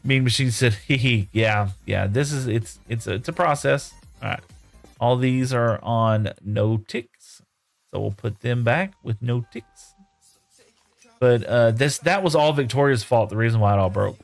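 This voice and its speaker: A man's voice: medium pitch, measured pace, gravelly, dry recording, soft background music. Folksy male streamer reading chat. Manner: reads chat aloud and answers in a folksy, rambling way. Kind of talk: casual live-stream chat. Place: home room.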